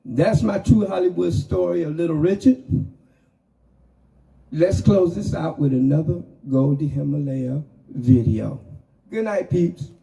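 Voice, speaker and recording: A middle-aged man hosting a podcast who tells a lively personal story in a casual, chatty way. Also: on the high side, a little slow, gravelly, distant mic, rough recording. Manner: animated, chatty anecdote with acted-out quotes. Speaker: podcast host.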